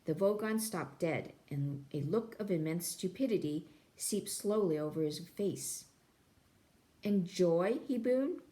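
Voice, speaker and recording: A woman reading a novel aloud in an expressive, playful way. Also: fairly low pitch, unhurried, few pauses. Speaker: reader.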